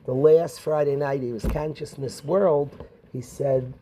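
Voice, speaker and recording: Dark-voiced rabbi quizzing his students. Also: medium pitch, fairly even intonation, a little slow, a little hiss or hum, low-quality recording. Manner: addresses students by name, questioning. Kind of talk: Torah class.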